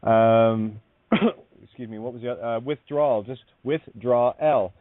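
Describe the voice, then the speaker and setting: A man hosting a call-in radio show, musing aloud in a halting way with many fillers and restarts. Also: mid-range voice, steady tone, dry recording. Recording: dry phone-line sound.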